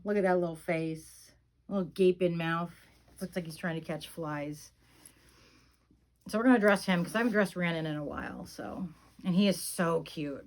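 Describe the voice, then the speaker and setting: A woman's voice: fairly low pitch, poor audio. A middle-aged woman chatting casually in a vlog, venting her frustration between fond remarks about her dolls, rambling with lots of fillers. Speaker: reborn doll vlogger. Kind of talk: casual chat.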